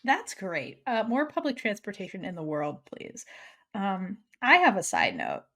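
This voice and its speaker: A woman's voice: mid-range voice, wildly swooping pitch, measured pace, sharp tone. A young adult woman co-hosting a podcast, recapping an episode in casual chat, acting out the characters' lines with swearing and laughter. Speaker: podcast co-host.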